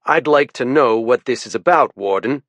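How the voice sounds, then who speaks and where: A male narrator voicing a stern, aristocratic older man with a baritone voice in an audiobook. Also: normal speed, a bit bright, no echo, highs cut off.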